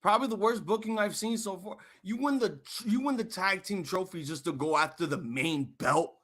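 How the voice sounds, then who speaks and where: A man hosting a live wrestling reaction stream, ranting angrily and swearing, swinging from muttering to shouting. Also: high-pitched, moderate pace, hardly any pauses. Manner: angry, profane ranting.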